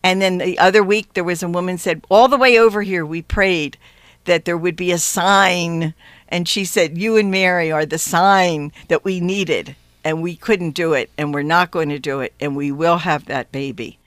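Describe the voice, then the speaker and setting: A woman's voice: lowish voice, fairly even intonation, moderate pace, no echo. A woman who works as a pregnancy counselor tells a personal story on a radio show, earnestly acting out what others said and urging listeners to trust in faith. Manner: earnest, acts out others' words in quotes; fervent, exhorting faith.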